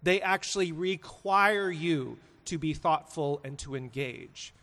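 A man with a high, light voice explains a sermon point in earnest, thinking aloud with fillers. The sound hangs in a long, echoing reverb. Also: moderate pace, vocal fry, sharp tone. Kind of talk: sermon recap in conversation.

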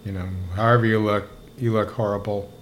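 Reflective older man, low voice, halting. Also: little pitch movement, slight background noise. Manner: reflective, halting, repeats words while thinking. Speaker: rabbi and co-host. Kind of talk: conversational podcast discussion.

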